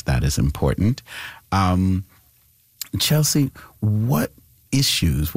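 A man's voice: rumbling low, darkish tone, slightly rough, no room sound. A man hosting a radio interview, friendly, laughing easily and asking long questions.

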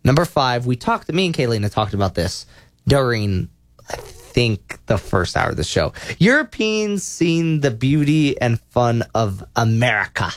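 A man's voice: mid-range voice, very animated, a little slow, no room sound. Rambling young man talking soccer. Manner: rambling, self-correcting, enthusiastic. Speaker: sports talk show host. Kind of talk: casual sports talk countdown.

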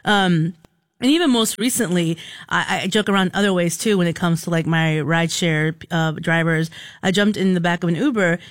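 A woman's voice: lowish voice, normal speed, no room sound, clean studio sound. A woman co-hosting a radio show, telling casual stories and acting out the dialogue in them. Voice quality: animated storyteller acting out dialogue. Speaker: radio co-host. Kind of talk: casual radio chat, storytelling. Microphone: studio microphone.

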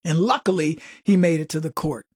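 A man's voice: on the high side, a little fast, a little mellow, breathy edge, dry recording, studio quality. A man delivering a sarcastic, folksy political commentary monologue full of joking asides.

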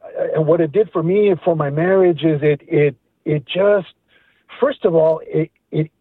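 A man's voice: fairly high pitch, normal speed, slightly rough, no room sound. Earnest middle-aged man on a tinny phone line. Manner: earnest, reflective, repeats words as he thinks. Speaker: caller. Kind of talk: phone call to a radio show.

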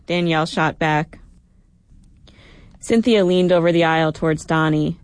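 A woman narrating a story in an even, reflective manner. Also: sits low, normal speed, no echo. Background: music.

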